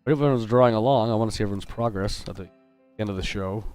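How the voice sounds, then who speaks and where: A man's voice: on the low side, fast talker, a little mellow, smooth, no room sound, soft background music. A man hosting a live drawing stream as a game artist, chatty and upbeat, greeting viewers and joking as he sketches. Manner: joking and self-interrupting. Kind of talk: casual livestream chat while drawing.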